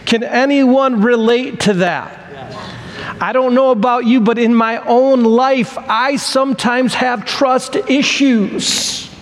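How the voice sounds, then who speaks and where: A man's voice: extremely high pitch, fairly even intonation, takes it slowly, long reverb tail. A man preaching a sermon as pastor, telling a story in a conversational way.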